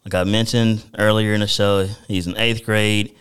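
A man's voice: on the low side, little pitch movement, moderate pace, a bit bright, clean tone. A man hosting a casual sports interview show, chatting easily with his guest and often calling him "man". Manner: friendly, calls the guest "man". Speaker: radio show host interviewing a student athlete.

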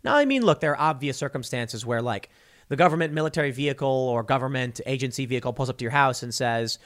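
A young adult man giving an opinionated commentary monologue, acting out imagined dialogues in quick quoted voices. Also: medium pitch, expressive, a bit bright. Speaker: political commentary host.

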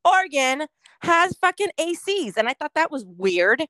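Woman from california, profane ranting podcast chat, bright voice, dry close sound. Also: high voice, big pitch swings, moderate pace, dry recording. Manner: ranting, heavy swearing, quotes herself. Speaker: podcast co-host.

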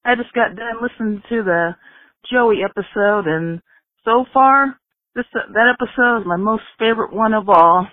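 A woman from Missouri leaving a relaxed, friendly voicemail. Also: a little high, normal speed, dry recording, narrow, tinny audio. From Missouri, USA. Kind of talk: casual voicemail message. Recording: dry phone voicemail line.

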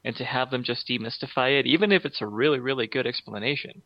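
A man's voice: mid-range voice, quick pace, dry recording, muffled recording. A man co-hosting a podcast in casual chat, rambling and enthusiastic with many fillers.

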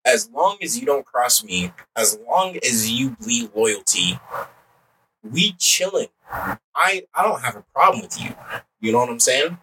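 A man co-hosting a podcast, giving reflective closing thoughts in a relaxed, slangy way. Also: medium pitch, measured pace. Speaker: podcast co-host. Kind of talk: casual chat. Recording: distant mic, faint background noise.

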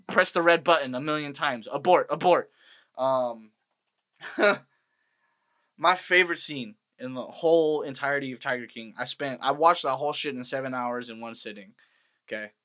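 Young guy swearing a lot, rambling sarcastic rant, kinda high bright voice. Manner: profane, rambling, sarcastic asides. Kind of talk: profane comedic rant.

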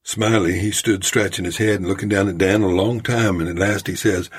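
A man's voice: low voice, steady tone, brisk, husky. A man voicing a rambling old storyteller from a mining camp, with a folksy, drawling manner. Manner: folksy drawling tall-tale telling.

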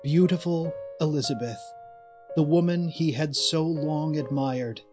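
Slow, dramatic male horror narrator. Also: on the high side, over music.

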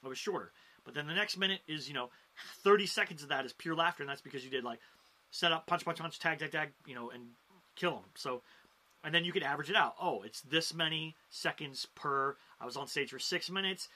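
A man hosting a show on stand-up comedy, talking casually to camera, animated, with sudden jumps in pitch and loudness for emphasis. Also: fast talker.

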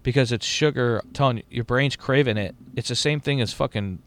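A man's voice: medium pitch, fairly quick. A middle-aged man in casual chat as a podcast host, rambling and profane with lots of restarts.

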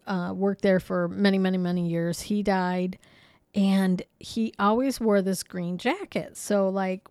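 A woman co-hosting a podcast, casually telling ghost stories in a chatty, animated way with frequent fillers. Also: lowish voice, no room sound. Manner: chatty, lots of "you know" and "um"; animated, laughs easily. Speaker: podcast co-host. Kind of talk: casual storytelling about hauntings.

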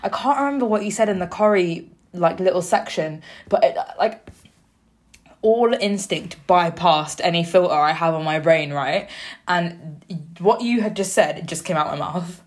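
Woman, co-host, chatty, animated, fairly low voice, casual radio talk. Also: normal speed. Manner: animated, chatty, laughs and drops to a whisper. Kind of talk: casual chat.

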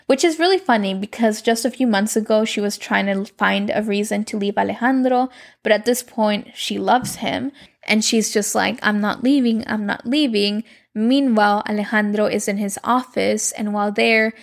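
A young adult woman casually recapping a TV series, chatty and expressive, with lots of "like". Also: mid-range voice, creaky.

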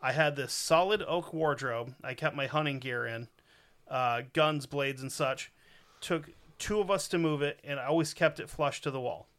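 Bright-voiced man, crude and joking. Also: mid-range voice, normal speed. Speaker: podcast host reading a listener's story. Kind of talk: casual podcast chat.

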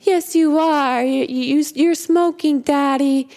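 A woman voicing a crying six-year-old girl in a retold story, pitched far above her own voice. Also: fairly even intonation, takes it slowly, a little mellow. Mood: pleading.

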